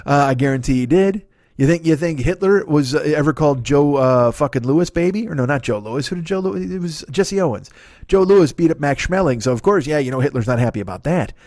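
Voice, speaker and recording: Brief: male comic host, solo profane rant, higher-pitched voice, dry close-mic sound. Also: animated, a little fast, darkish tone, no echo. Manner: profane, digressive, self-correcting. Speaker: comedy podcast host. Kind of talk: rambling comic monologue.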